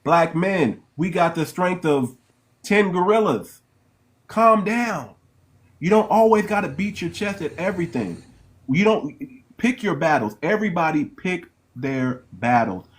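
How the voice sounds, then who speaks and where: A man hosting a live talk room with a fairly high voice. He preaches at his listeners, repeating phrases and restarting lines for emphasis. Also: normal speed. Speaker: host.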